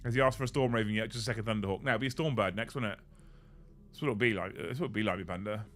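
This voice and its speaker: A man hosting a casual chat, telling an animated story and swearing freely. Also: fairly low pitch, racing. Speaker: host.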